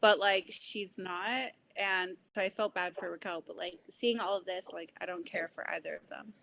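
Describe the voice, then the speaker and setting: A woman's voice: fairly low pitch, fairly even intonation, moderate pace, gravelly, a bit bright, a little hiss or hum, poor audio. A woman who is a guest on a podcast, giving blunt opinions about reality TV in a casual, laughing chat. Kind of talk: casual pop culture chat.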